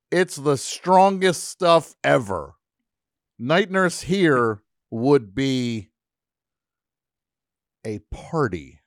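A man's voice: mid-range voice, no echo, clean studio sound. A man hosting a radio show, chatting casually and telling a story, breaking into silly put-on voices and accents as he goes. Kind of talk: casual studio chat. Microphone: studio microphone.

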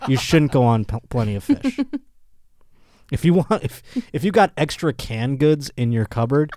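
A man with a mid-range voice runs a comedy news podcast, reading strange stories and breaking off for crude, mocking jokes. He laughs often and slips into quick put-on voices. The recording is dry and close, with no room echo. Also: medium pitch, very animated, darkish tone. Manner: puts on voices for quoted people. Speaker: podcast host. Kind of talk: casual comedic news commentary.

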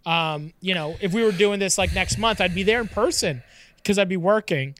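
A man's voice: high-pitched, normal speed, fairly bright tone, slight background noise. A man speaking as a guest in casual chat, rambling and correcting himself as he goes.

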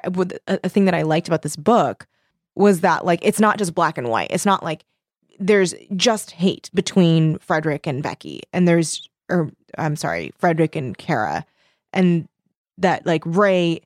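A woman in relaxed conversation about a novel, filling her speech with fillers and acting out what the characters say. Her voice sits a little low. The recording is dry and close. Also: dry recording. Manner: relaxed, many fillers, acts out characters' lines. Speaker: book podcast co-host. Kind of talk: casual chat.

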